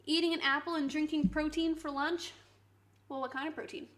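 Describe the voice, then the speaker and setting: A woman with a bright, high voice hosts a relaxed cooking stream. She chats playfully with her viewers, teasing them in an easygoing way. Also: brisk. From Canada. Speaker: live streamer. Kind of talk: casual chat with viewers while cooking.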